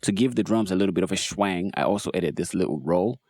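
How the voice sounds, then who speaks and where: A man casually walking through how he built a beat, in a laid-back, relaxed way, as host of a production tutorial. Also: deep voice, quick pace. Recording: faint music behind voice. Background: beat playback.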